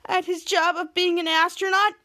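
A woman's voice: extremely high pitch, flat delivery, moderate pace, pushed and bright, voice pushed up. A woman voicing a grieving young girl with a wailing, sobbing delivery.

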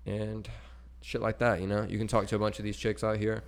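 A man's voice: fairly low pitch, completely flat delivery, fairly quick, clear, resonant tone. A young man hosting a casual podcast, explaining listener topics in a loose, laid-back way. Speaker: podcast host. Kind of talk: casual chat.

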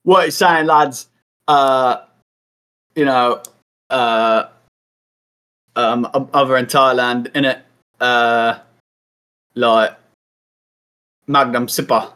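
A man's voice: medium pitch, fairly even intonation, drawn-out words, long pauses, fairly bright tone, clear, resonant tone. A man doing a put-on British accent as a chatty young lad, mumbling with lots of fillers and slang. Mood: jokey.

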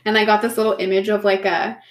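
A woman's voice: mid-range voice, flat delivery, fast talker. A woman co-hosting a casual chat, a chatty storyteller who swears freely. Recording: echoey room.

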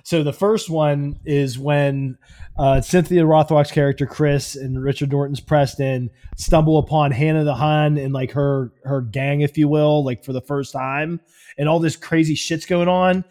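Male co-host, a touch high-pitched, easygoing casual banter. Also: steady tone, a little slow, dark tone. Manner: laid-back, laughing, reads out movie quotes. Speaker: podcast co-host. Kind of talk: casual chat, movie review.

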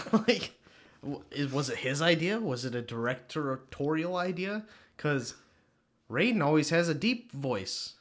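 A man's voice: a little high, expressive, measured pace, a bit bright. Laughing man riffing on a movie. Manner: laughs often, swears casually, mocks the film. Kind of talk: casual movie commentary chat.

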